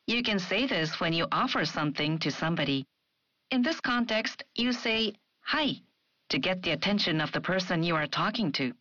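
A woman teaching a language lesson in a clear, measured way, modeling words slowly. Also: fairly low pitch, animated, fairly bright tone, dry recording. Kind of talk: scripted lesson explanation. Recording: dry, dull studio sound.

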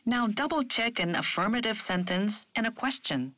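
A woman presenting a language lesson in a clear, measured, explanatory way. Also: on the high side, animated, pushed and bright, dry recording. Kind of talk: scripted educational narration. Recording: muffled studio broadcast audio.

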